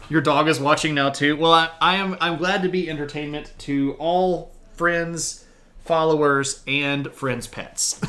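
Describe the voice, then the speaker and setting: A man's voice: on the high side, fairly bright tone, slight background noise. A man hosting a live history stream, chatting casually with his viewers and reading their comments aloud. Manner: chatty, reads chat aloud, coos at his dog.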